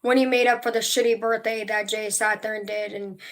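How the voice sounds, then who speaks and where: A woman's voice: a little high, flat delivery, brisk. A young woman talking casually on a livestream, emotional and rambling, swearing freely as she tells a personal story. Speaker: vlogger.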